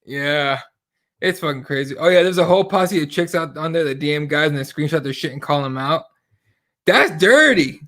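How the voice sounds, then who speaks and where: Male podcast co-host with a high voice, casual and profane, acts out stories. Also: normal speed. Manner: profane, animated storytelling with quoted exchanges.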